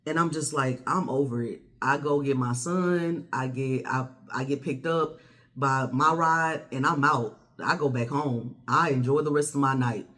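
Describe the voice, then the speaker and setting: Blunt, animated woman telling a story. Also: extremely low pitch, measured pace. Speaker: vlogger. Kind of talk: casual storytelling.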